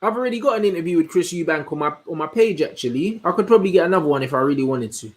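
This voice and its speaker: Slangy young man, slightly high voice. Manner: slangy, animated, answers chat with quick asides. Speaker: host. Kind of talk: casual livestream chat.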